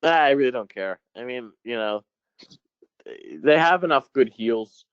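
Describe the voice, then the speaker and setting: A man's voice: mid-range voice, a little slow, clean tone, no room sound, dull audio. A man co-hosting a casual podcast, hesitant and filling his talk with 'like' and 'you know', swearing now and then. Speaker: podcast co-host.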